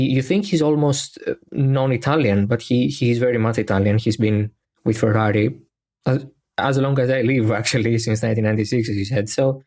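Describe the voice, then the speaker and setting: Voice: medium pitch, darkish tone. A speaker in their twenties hosting a casual podcast interview, hesitant and often repeating words while thinking. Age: 20s. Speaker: podcast host.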